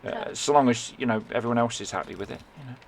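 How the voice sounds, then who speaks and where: A man's voice: medium pitch, fast talker, vocal fry, slight background noise. A man, streaming a game in casual chat and teasing banter.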